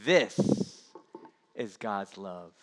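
A pastor preaching a sermon in an impassioned, emphatic way, building through repetition. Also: male voice, fairly low pitch, lively intonation, extremely slow, background noise. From United States. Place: church sanctuary. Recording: long hall reverb.

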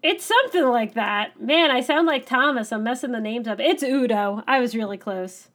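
Excitable woman co-host, kinda high voice, acts stuff out while chatting. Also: normal speed. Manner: animated, excitable, acts out lines. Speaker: podcast co-host. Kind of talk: casual chat about an anime episode.

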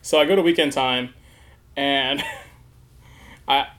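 A man's voice: medium pitch, steady tone, slow pace, fairly bright tone. A young man hosting a podcast, telling a story in casual chat, laughing often and swearing freely. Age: young adult. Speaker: podcast host.

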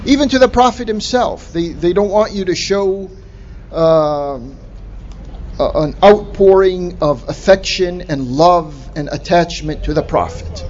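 A man preaching a sermon in a slow, deliberate way, stressing key words with emphatic rises. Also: high-pitched, darkish tone. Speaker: Islamic preacher. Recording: dull lo-fi recording with faint noise.

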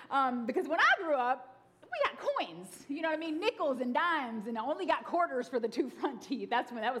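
A woman's voice: sits high, a little fast. A woman in her thirties preaching a sermon, telling funny stories and acting out voices. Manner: lively, humorous, acts out voices. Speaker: pastor. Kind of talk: sermon with storytelling.

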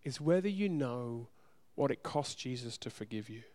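A man's voice: medium pitch, expressive, normal speed. Earnest man preaching a sermon. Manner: earnest, direct address to the congregation; shifts between loud urgency and soft hushed moments. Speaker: pastor.

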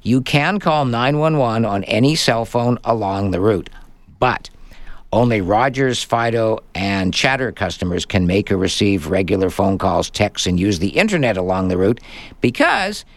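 Low-voiced radio host, dry studio sound. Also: male voice, lively intonation, normal speed, dry recording. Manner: chatty, explains tips plainly. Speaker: radio tech show host. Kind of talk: live call-in radio chat. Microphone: studio microphone.

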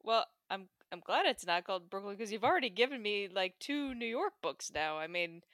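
A woman's voice: medium pitch, animated, normal speed, a bit bright, no room sound. Enthusiastic female co-host, playful, dry close sound. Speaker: podcast co-host. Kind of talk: casual chat about picture books.

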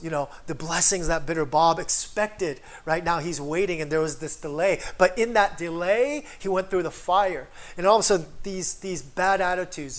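A man with a notably high voice delivers a sermon in a loose, conversational way. He keeps checking in with the listeners and builds toward emphatic declarations. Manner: conversational, frequent "right?" tags, rising to emphatic declarations. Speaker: preacher.

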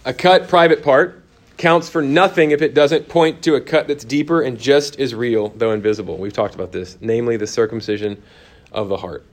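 A man leads a Bible lesson in a church classroom. He talks easily with the group, picking up their remarks. His voice is mid-pitched and often sinks low and quiet to stress a point. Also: moderate pace. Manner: conversational, answers class comments, drops to quiet emphasis. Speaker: church course teacher.

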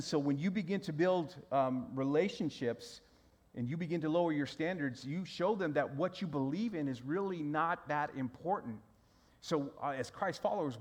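A middle-aged man, preaching a sermon in a loose storytelling way, often restarting his sentences. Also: fairly high pitch. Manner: conversational storytelling with repeated restarts. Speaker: pastor.

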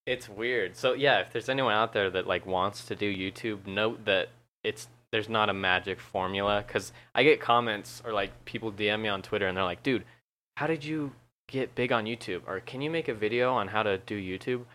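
A man's voice: on the low side, a little fast, pushed and bright. A young man chatting casually on a podcast, laid-back and swearing often, laughing at himself. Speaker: YouTuber and podcast guest.

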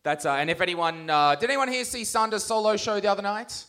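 Bright-voiced man roasting the crowd. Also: sits high, quick pace. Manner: crude, mocking banter with the crowd. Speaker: stand-up comedian hosting a roast. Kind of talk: live stand-up roast. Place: comedy stage before a live audience.

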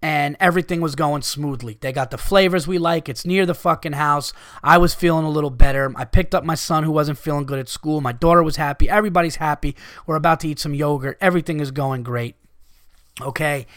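A man with a fairly high, slightly bright voice talks fairly quickly in a dry, studio-quality recording. As host of a podcast, he rants to listeners with foul-mouthed exasperation while recovering from illness; he's an adult with young kids.

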